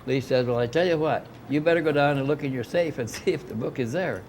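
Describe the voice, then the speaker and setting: A man's voice: mid-range voice, quick pace, darkish tone, a little hiss or hum. An older man casually recounting a long story, acting out the voices of people he quotes. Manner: rambling anecdotal, acts out quoted dialogue. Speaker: interviewee recounting experiences.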